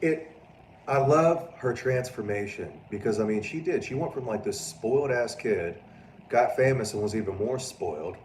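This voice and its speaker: A man hosting a casual livestream, chatting with viewers in a loud, profane, animated way and mocking people in put-on voices. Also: medium pitch, moderate pace, reverberant, far from the mic, a little hiss or hum. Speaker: livestream host. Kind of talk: casual livestream chat reading viewer comments.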